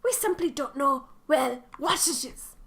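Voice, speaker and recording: A woman's voice: high-pitched, measured pace, creaky, fairly bright tone, a little hiss or hum, voice pushed down, exaggerated voice. A woman voicing a scheming middle-aged male cruise host with a put-on Scottish accent, grand and theatrical. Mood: smooth.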